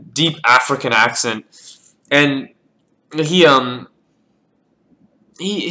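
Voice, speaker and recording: A man goes through his own chess games at an unhurried pace, thinking aloud and naming each move as it comes. His voice is bright and pushes forward, and he often stumbles and repeats himself in a relaxed, casual way. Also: on the high side. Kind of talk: casual game analysis.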